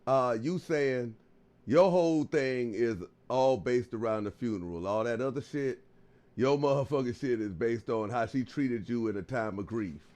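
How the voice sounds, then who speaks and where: A man's voice: medium pitch, moderate pace, darkish tone. A man hosting a call-in show, talking bluntly and casually with plenty of swearing. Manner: blunt, profane banter. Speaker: host.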